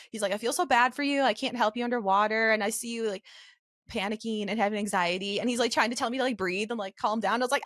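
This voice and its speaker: Young woman podcast host, kinda high voice, says like a lot, very animated, dry close mic. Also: very fast, no echo. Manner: animated, heavy "like" filler, acts out her own panicked quotes. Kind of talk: casual storytelling chat.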